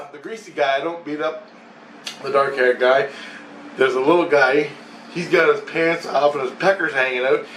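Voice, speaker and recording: Speaking at a moderate pace in a somewhat bright, slightly high voice, a male vlogger tells a long, profane, meandering story about a dream and laughs between phrases. He sits far from the mic, in a roomy echo with faint hiss.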